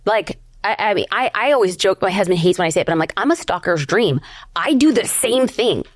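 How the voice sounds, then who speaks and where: A woman's voice: medium pitch, lively intonation, brisk, no room sound. A middle-aged woman speaks as a podcast guest, candid and emphatic, with casual slang and a blunt edge. Her voice sits in a middle register. The studio sound is dry and close. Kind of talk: candid conversational interview.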